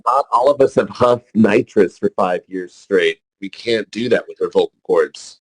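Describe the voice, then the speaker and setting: Man on a voice call, husky, low-ish voice, dry, curt mocking comebacks. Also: normal speed, no room sound, rough recording. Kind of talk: voice-call chat.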